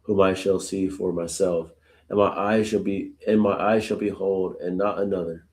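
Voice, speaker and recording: A man's voice: deep voice, fairly even intonation, normal speed, a little mellow. A man hosting a live Bible study, reading verses aloud and then reflecting on them in a casual, conversational way. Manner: uses casual "y'all" asides. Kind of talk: live scripture reading with commentary.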